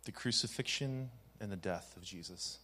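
Low-voiced pastor leading a meditation. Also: male voice, moderate pace, bright, forceful tone. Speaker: youth pastor. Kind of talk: guided meditation in a sermon.

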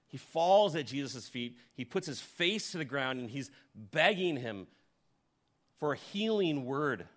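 A male pastor preaching a sermon who tells the story vividly, swings from loud emphasis to hushed near-whispers, and puts questions to his congregation. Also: medium pitch, animated, unhurried. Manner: addresses the congregation directly with questions.

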